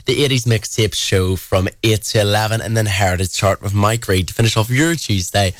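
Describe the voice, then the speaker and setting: A man's voice: lowish voice, a little fast, no echo. A young man in his twenties with an Irish accent, hosting a local radio show in a studio and chatting casually between songs, with lots of "like.". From Ireland. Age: 20s. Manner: chatty, peppered with "like".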